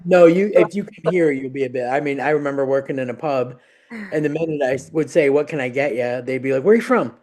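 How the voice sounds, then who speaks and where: An American co-host from Florida telling relaxed stories in a casual podcast chat. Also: medium pitch, fast. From Florida, United States. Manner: storytelling, relaxed.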